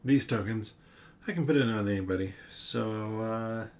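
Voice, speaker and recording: A man's voice: lowish voice, normal speed, a little mellow. A man hosting a solo board game playthrough, musing aloud over rules and reading story text, with self-mocking asides. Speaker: board game player and host.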